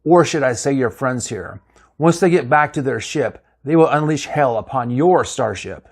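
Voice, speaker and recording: A man voicing an old male physicist who gravely warns a starship crew of danger, in a read-aloud story. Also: mid-range voice, expressive, normal speed. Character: older male physicist visitor, grave and prophetic.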